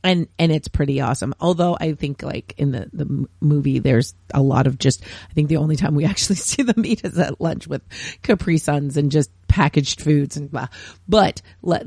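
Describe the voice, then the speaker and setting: A podcast host with a hoarse voice, chatting casually and eagerly about a film they loved and urging listeners to watch it. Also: mid-range voice, animated, moderate pace, darkish tone, no room sound, studio quality. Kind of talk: casual movie review chat.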